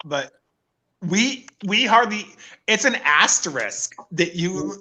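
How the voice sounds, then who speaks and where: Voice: medium pitch, lively intonation, slow pace, bright, forceful tone. A speaker in casual chat, gushing over a friend with dramatic outbursts and shrieks.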